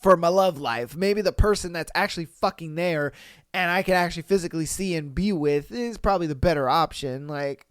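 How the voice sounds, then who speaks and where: Profane, animated male podcast host. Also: a little high, a little fast, clear, resonant tone, no echo, studio quality. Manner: profane, animated, reacts loudly, laughs often. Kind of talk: casual solo commentary on reader posts.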